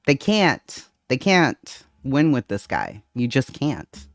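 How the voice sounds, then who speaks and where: A man's voice: medium pitch, huge pitch swings, slow pace, creaky, few pauses, dry recording, studio quality. A man hosting his own channel, casually commenting on news footage in an amused, mocking way.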